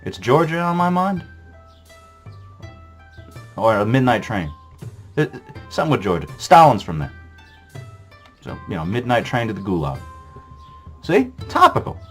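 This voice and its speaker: A man with a lowish voice riffs sarcastically through a geography quiz, swearing freely and trailing off into fillers. Soft music plays faintly underneath. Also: wildly swooping pitch, moderate pace, pauses often. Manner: sarcastic, profane, rambling with many fillers. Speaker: quiz gameplay commentator. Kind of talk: crude rambling commentary over a geography quiz.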